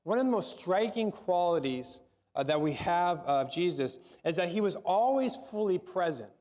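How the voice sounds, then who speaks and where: A middle-aged male pastor gives a sermon in a relaxed, conversational manner. His voice sits a little higher than most men's. He stumbles over and repeats words and keeps asking the room questions. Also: normal speed.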